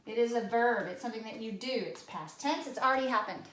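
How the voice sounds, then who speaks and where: A woman leads a spelling lesson for children, her voice sitting a little high as she builds little guessing games around everyday objects. The room around her is echoey. She talks in a patient, playful way. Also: quick pace, a bit bright. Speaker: teacher.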